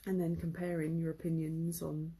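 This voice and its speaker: Chatty teacher, female, low and husky, loose live-lesson delivery. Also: normal speed. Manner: chatty, relaxed, full of fillers. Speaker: English teacher. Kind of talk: casual live-streamed lesson.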